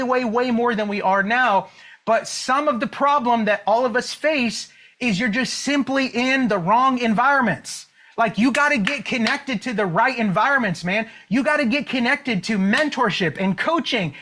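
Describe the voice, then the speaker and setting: A man's voice: extremely high pitch, sharp tone. A man coaching an online audience, telling a motivational story. He checks in often with "okay?" and "right?" and draws out key words for emphasis.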